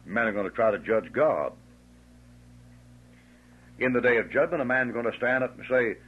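A man's voice: mid-range voice, normal speed, pauses often, husky. A man preaching a fiery sermon, emphatic and scornful, stretching out his stressed words. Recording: tinny lo-fi old tape.

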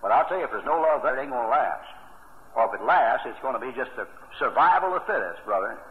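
Folksy preacher on a tinny tape. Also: male voice, mid-range voice, animated, quick pace, slight background noise. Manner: folksy and conversational, with homely humor. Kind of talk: sermon. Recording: tinny phone-like old sermon tape.

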